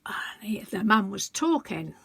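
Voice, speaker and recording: A colouring book vlogger in her sixties talks to her viewers in a heartfelt, confiding way, rambling and often breaking off to restart sentences. Her mid-range voice is sing-song and a little slow, fairly bright, slightly rough, with vocal fry. There's no room sound.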